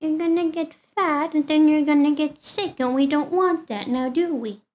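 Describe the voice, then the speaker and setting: A woman with a high voice chats casually with her stream viewers. She is talkative and relaxed, and she turns to talk fondly to her cat. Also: moderate pace, muffled recording.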